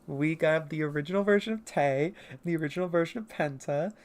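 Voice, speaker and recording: Woman comic artist, rambling and self-mocking, casual art stream. Low voice. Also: fairly quick, darkish tone. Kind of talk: casual livestream chat.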